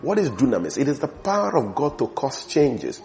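A man preaching a sermon in a church, emphatic, his voice swelling loud on key phrases and sinking low at the ends of others. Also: wildly swooping pitch, normal speed, soft background music.

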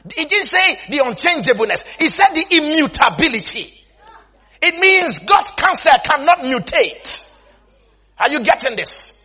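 A man preaching a sermon, telling a story with frequent laughter and emphatic shouts, repeating phrases for emphasis. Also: very high-pitched, big pitch swings, unhurried. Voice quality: laughs often while preaching, breaks into shouts.

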